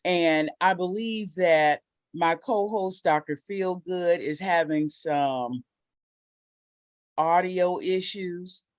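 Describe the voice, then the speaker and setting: A woman's voice: slow pace, no room sound. A woman hosting a casual live-stream talk show, playful and sassy, joking with her co-hosts. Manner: playful, sassy, drops into a mock deep voice.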